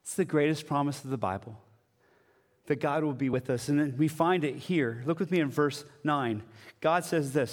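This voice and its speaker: Male pastor, conversational sermon delivery with quiet drops, light and high-ish voice, long reverb of a church hall. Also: moderate pace.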